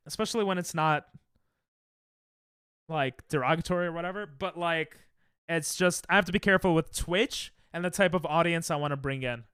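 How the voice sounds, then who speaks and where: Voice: mid-range voice, pushed and bright, clear, resonant tone, dry recording, studio quality. A young adult streamer chatting casually with viewers while playing, reacting to chat and laughing often. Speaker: Twitch streamer.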